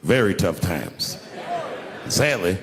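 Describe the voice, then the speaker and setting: Animated male stand-up comic in a hall. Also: low voice, takes it slowly. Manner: animated storytelling, acts out other people's lines. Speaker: stand-up comedian. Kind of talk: stand-up comedy set. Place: theater stage before a live audience. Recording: live stage recording with crowd and hall echo.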